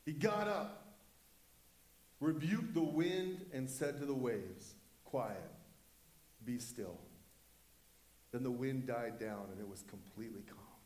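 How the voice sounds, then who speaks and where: A man's voice: mid-range voice, a little slow, a little mellow, echoey room. A male pastor preaching a sermon in an impassioned, emphatic way. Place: church.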